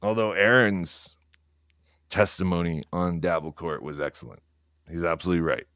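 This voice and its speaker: A man's voice: deep voice, normal speed, smooth, no room sound, clean studio sound. A man livestreaming from home at night, telling rambling stories laced with profanity and keeping his voice down so he won't wake people. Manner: talking quietly so as not to wake others. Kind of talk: casual livestream monologue.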